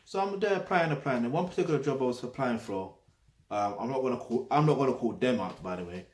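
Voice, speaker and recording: A man's voice: mid-range voice, expressive, fast talker, darkish tone. Blunt London man in a roomy echo. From London, England. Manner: blunt, emphatic, peppered with tag questions and swearing. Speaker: vlogger. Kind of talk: casual direct-to-camera talk.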